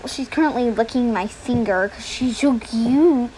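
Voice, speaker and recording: A woman's voice: a little high, moderate pace, mellow, a little hiss or hum, low-quality recording. A woman hosting her own podcast in a casual chat, rambling and hesitant with many fillers, recorded on a phone at home. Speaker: podcast host. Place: indoors at home.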